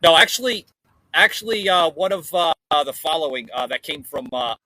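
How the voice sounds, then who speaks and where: A man's voice: fairly high pitch, animated, normal speed, pushed and bright, dry recording, low-quality recording. A man hosting a casual political chat podcast from an outdoor porch, talking in a rambling way with lots of fillers and restarts. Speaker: podcast host.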